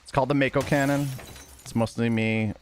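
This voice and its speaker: A man's voice: mid-range voice, steady tone, fairly quick, a little hiss or hum. A man streaming a video game, chatting casually with his viewers in a loose, rambling way that corrects itself as it goes.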